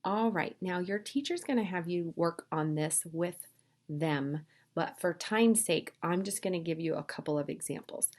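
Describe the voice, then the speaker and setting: A woman teaches English to language learners in a clear, upbeat classroom manner. Her voice sits a little low, and she reads example sentences aloud with lively expression. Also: moderate pace.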